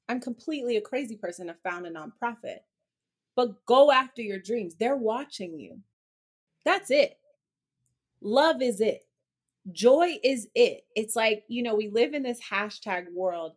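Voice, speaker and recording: A woman speaking as an interview guest, outspoken and expressive, with casual swearing. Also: medium pitch. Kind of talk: candid conversational interview.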